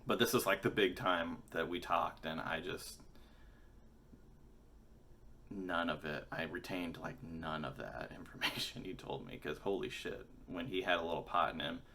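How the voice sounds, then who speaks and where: A man in his forties with a very low, bright and forceful voice tells a rambling story in a casual vlog. He swears freely and pokes fun at himself, wandering off on tangents as he goes. The telling is loose and unscripted. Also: moderate pace, gravelly, few pauses, slight background noise. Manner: rambling, profane, self-mocking. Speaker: musician and vlogger.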